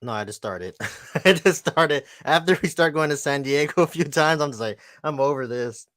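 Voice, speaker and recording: A man's voice: fairly high pitch, animated, normal speed, a bit bright, no echo, studio quality. A man co-hosting a podcast, bantering casually and playfully. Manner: playful, joking, laughs often. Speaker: podcast co-host.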